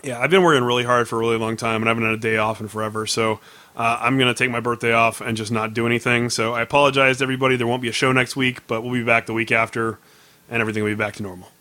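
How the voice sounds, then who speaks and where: Fast, bright-voiced man teasing. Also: medium pitch, flat delivery. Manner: dry teasing wisecracks. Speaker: podcast host. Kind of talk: casual chat.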